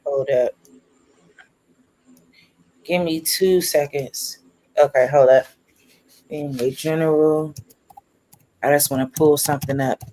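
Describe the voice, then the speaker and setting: A co-host on a casual discussion stream, talking in a relaxed, hurried way while looking something up. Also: medium pitch, low-quality recording.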